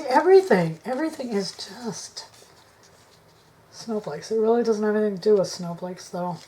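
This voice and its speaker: A woman vlogging her craft work to camera on a tripod, thinking aloud, indecisive, often dropping into soft mutters. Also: medium pitch, a little hiss or hum. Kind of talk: casual crafting chat to camera.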